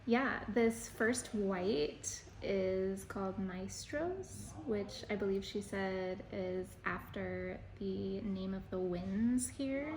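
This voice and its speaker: A young woman chatting casually as a travel companion, relaxed and a bit hesitant, searching for words. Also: medium pitch, slow pace, hardly any pauses, reverberant, a crowd in the background. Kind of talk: casual chat.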